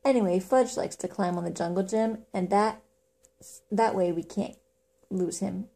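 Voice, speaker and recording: A woman's voice: mid-range voice, a little slow, creaky, warm tone. A woman reading a children's book aloud in a casual way, with small slips. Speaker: reader.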